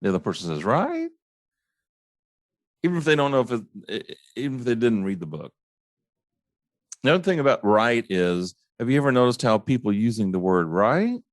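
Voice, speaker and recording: A man hosting his own show, ranting casually about overused phrases, stumbling and restarting often and mimicking others in a high mocking tone. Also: no echo, clean studio sound. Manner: halting restarts, repeats words. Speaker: podcast host. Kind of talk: casual solo rant.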